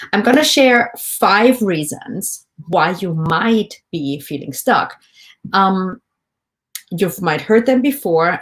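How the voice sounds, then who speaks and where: A woman with a notably low, deep voice talks straight to her listeners in a podcast. Her manner is gentle and encouraging, and she keeps putting questions to them as she coaches. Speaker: podcast host, life coach. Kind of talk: reflective solo podcast talk.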